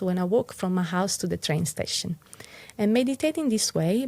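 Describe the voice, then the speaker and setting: Low gravelly-voiced woman, calm podcast host. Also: no room sound. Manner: calm, gentle, measured. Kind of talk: reflective talk with guided meditation.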